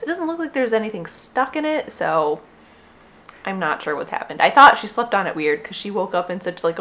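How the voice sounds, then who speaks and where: Her mid-range voice fairly bright, a young woman rambles through a casual knitting podcast from her dog-filled home, often pausing to talk to her dog.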